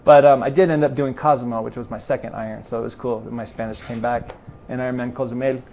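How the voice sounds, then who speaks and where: A man's voice: mid-range voice, fast. A middle-aged man from Los Angeles, a triathlon club president, telling stories in a casual interview and acting out the dialogue. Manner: animated storyteller acting out quoted dialogue. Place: garage.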